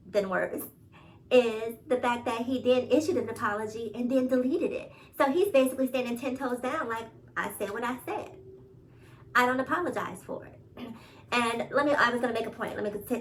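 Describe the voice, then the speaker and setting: A woman's voice: on the high side, moderate pace, distant mic, slight background noise, rough recording. A woman with a New York accent giving casual opinion commentary, emphatic, repeating her points and laughing often. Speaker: commentary vlogger.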